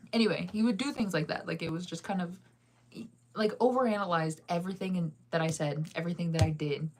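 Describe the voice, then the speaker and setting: Young woman telling a dating story. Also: quick pace. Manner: animated, laughing, voices her own quotes higher. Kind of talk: casual storytime.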